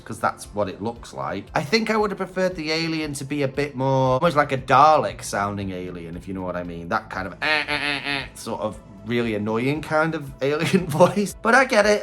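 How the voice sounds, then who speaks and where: A man's voice: medium pitch, a bit bright. A man giving casual reaction commentary on Halloween props, chatty and candid, thinking aloud. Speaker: Halloween prop reviewer.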